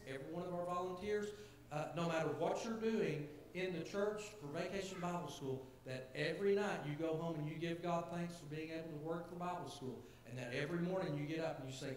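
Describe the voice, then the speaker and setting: A pastor with a somewhat high voice preaches earnestly and conversationally, leaning into his points. His voice rings around a very echoey church hall. A faint hiss sits under the recording. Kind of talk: sermon to a church gathering. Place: church sanctuary.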